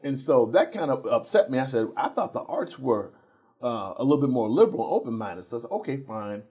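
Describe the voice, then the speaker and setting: A husky-voiced middle-aged man sits as a talk show guest. He tells animated stories at an ordinary pitch, often repeating words and laughing along the way. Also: brisk. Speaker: guest, theater professor. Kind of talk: casual interview storytelling.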